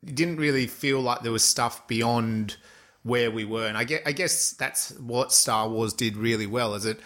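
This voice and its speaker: Bright-voiced man chatting about films. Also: medium pitch, moderate pace. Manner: rambling, many fillers and restarts. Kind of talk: casual film discussion.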